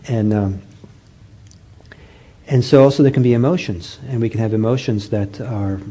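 Male meditation teacher, gentle and halting, slightly husky voice. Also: fairly low pitch. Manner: gentle, halting storytelling with many fillers and restarts. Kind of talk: dharma talk.

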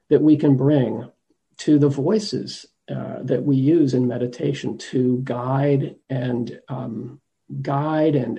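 A middle-aged man giving a gentle, reflective dharma talk over a video call, pausing and restarting as he thinks. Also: mid-range voice, gravelly. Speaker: dharma teacher.

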